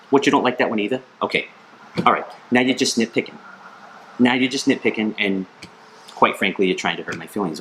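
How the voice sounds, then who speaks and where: A man with a very low voice reviewing a cigar in a comedic vlog. He slips into deadpan asides and mock squabbles with someone off camera. A faint hiss of room noise sits underneath.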